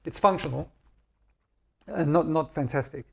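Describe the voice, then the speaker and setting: A middle-aged man with an Australian accent answers interview questions in a relaxed, candid way. He jokes easily and pokes fun at himself. His voice sits a little higher than most men's. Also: a little slow, vocal fry, slightly rough. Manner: candid, joking, self-deprecating. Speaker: guest. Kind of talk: casual interview chat.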